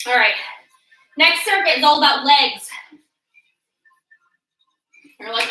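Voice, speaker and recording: High-voiced lady leading a workout, out of breath, whooping and cheering, echoey room with the mic set back. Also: normal speed, long pauses, recorded from a distance. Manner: energetic, encouraging, frequent whoops and cheers. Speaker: fitness instructor. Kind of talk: coaching a workout class.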